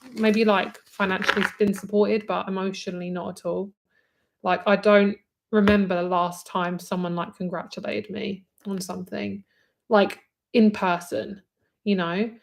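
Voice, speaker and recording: A woman's voice: medium pitch, vocal fry. A young British woman, a tarot reader, chatting candidly with viewers on a live stream, swearing freely and saying "like" often.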